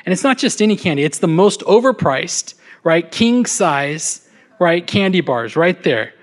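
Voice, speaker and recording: A man with a high voice preaching a casual, conversational sermon. He stumbles over and repeats small words as he talks. He dramatizes quoted speech, speeding up and slowing down. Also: very animated. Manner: acts out quoted speech with shifts in pace.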